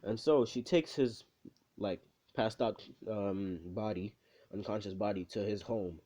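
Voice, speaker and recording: A man with a slightly low voice spins a casual anime fan story, rambling along with plenty of fillers. He keeps tossing quick asides to his listener as he goes. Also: warm tone.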